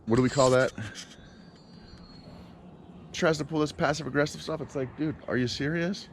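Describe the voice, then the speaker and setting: A man's voice: mid-range voice, brisk, pauses often, a little hiss or hum. A man talking casually outdoors in his yard for a vlog, rambling and exasperated, with many fillers and restarts. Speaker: vlogger.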